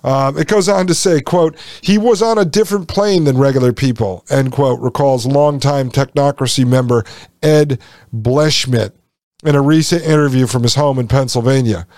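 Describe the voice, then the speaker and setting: A man's voice: medium pitch, moderate pace, darkish tone, no room sound, clean studio sound. A man hosting a podcast, reading passages aloud and breaking off into folksy, sarcastic asides to his listeners. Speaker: podcast host.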